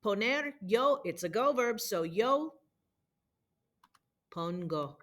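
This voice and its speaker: A woman's voice: medium pitch, lively intonation, takes it slowly, a bit bright. A woman teacher walking students through homework and patiently drilling verb conjugations during a screen-shared lesson. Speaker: Spanish teacher. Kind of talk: recorded homework walkthrough.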